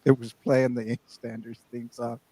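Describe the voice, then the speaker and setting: A man's voice: medium pitch, little pitch movement, normal speed, warm tone. A man co-hosting a podcast in casual banter, rambling and jokey, often restarting his sentences. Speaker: podcast co-host.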